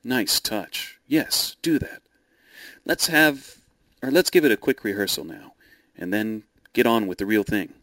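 A man playing a scheming young knight, speaking in a brisk, lively, matter-of-fact way. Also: lowish voice, no echo. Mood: brisk, plotting.

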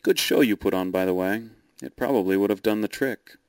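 Knight read by a man: breezy, sardonic schemer, slightly low voice, dry close sound. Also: a little fast, a little mellow, no echo, natural voice. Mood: brisk, plotting.

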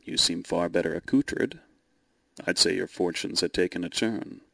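Dragon voiced by a male reader: scheming, dry and a bit menacing, deep-toned, crisp dry sound. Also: normal speed, bright, forceful tone, no room sound, full character voice. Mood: dry, wary.

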